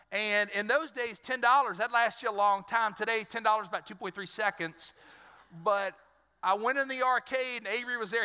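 A man's voice: sits high, pushed and bright, smooth, big-room sound. A man from Louisiana, preaching a sermon and telling stories straight to his congregation. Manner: storytelling, addresses congregation directly. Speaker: pastor.

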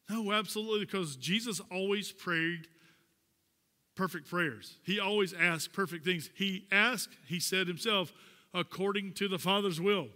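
Man, pastor, folksy sermon, sharp bright tone, long hall reverb. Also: high-pitched, moderate pace. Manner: folksy, direct, jokes with congregation. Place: church sanctuary.

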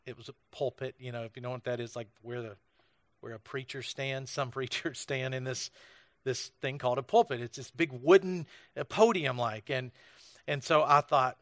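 A man's voice: medium pitch, normal speed, a bit bright, no echo. An American man preaching a sermon, telling stories in a conversational way with frequent restarts. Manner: storytelling, conversational with many restarts. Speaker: pastor.

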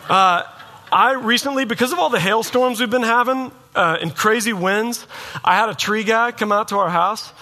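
A man's voice: sits high, normal speed, pushed and bright. A man preaching a sermon in a casual, storytelling way, acting out the voices of people in his story. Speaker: pastor.

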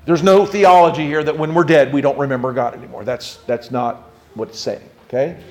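High-voiced man preaching with rising passion. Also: steady tone, a little fast. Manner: swings from soft low asides to high impassioned cries; acts out quoted prayers. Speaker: pastor. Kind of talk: sermon.

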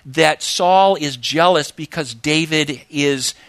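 A man preaching a sermon in an animated way, with big rises in pitch and slow, emphatic phrases. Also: dry recording. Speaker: pastor.

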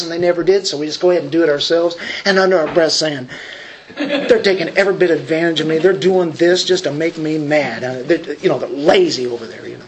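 A man's voice: high-pitched, a bit bright, poor audio. A man preaching a sermon in a conversational way, stretching out key words for emphasis and trailing off into asides. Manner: conversational, drawn-out emphatic phrasing; frequent fillers and restarts.

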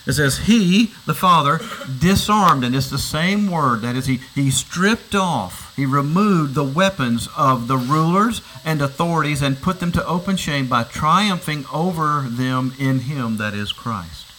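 A man's voice: a little high, expressive, a little slow, pushed and bright, a little hiss or hum, rough recording. Man preaching a teaching sermon. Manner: teaching, asks rhetorical questions; repeats words when restarting. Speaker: pastor.

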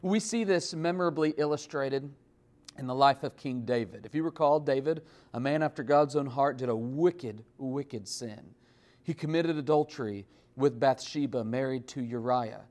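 A man's voice: mid-range voice, normal speed, a little mellow. A man preaching a sermon, emphatic, with big swings in volume and pace as he builds and drops his points. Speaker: pastor.

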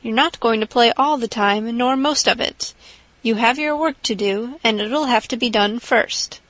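A woman's voice: fairly high pitch, fairly bright tone, no room sound, low-quality recording. Marilla, a woman reading a stern older guardian. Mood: scolding. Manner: brisk, clipped and scolding. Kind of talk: audiobook character reading.

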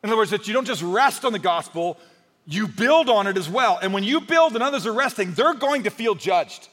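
A man's voice: sits high, lively intonation, fairly quick, fairly bright tone. A male pastor preaching a sermon in a conversational, storytelling way, with humor and rising emphasis. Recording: long hall reverb.

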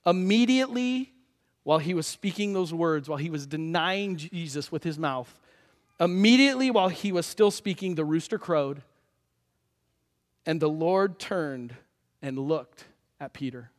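With a voice on the high side and a moderate pace, a male pastor brings the sermon's story to life, performing the voices of the people in it. The audio carries a big-room sound.

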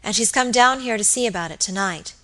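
A woman reading an audiobook, voicing a timid, conciliatory young servant woman who speaks hesitantly and softly. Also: mid-range voice, brisk, close to an everyday voice. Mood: anxious. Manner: hesitant, soft, pleading.

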